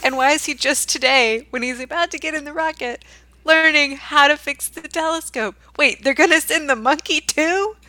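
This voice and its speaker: A woman co-hosting a casual podcast chat, ranting in an animated, exasperated way and laughing often. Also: high-pitched, normal speed, no echo. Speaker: podcast co-host.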